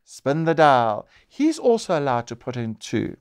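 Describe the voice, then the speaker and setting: A man's voice: mid-range voice, huge pitch swings, unhurried, smooth. A man presenting a board game show, narrating each turn play-by-play and exclaiming as pieces come out.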